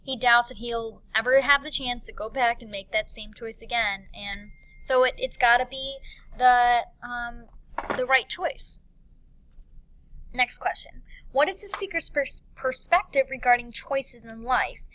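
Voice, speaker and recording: Bright-voiced woman teacher explaining a poem. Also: on the high side, a little slow, poor audio. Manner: explanatory, with many fillers and restarts. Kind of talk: recorded classroom lesson.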